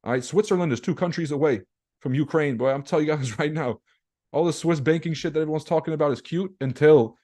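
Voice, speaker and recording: Talking fast in a mellow, high-leaning voice, a young man hosts a trading webinar as casual livestream market commentary. He's blunt and slangy, swears, and tosses rhetorical questions at his viewers.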